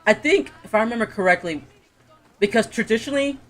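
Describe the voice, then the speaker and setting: A streamer from Florida chats while gaming, spinning animated stories at an easy middle pitch. The speaker laughs a lot and slips into voices when quoting people. The voice is close and direct on a desk mic. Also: fast. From Florida, USA. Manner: animated storyteller, laughs often, acts out quotes. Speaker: game streamer. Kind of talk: casual chat while playing.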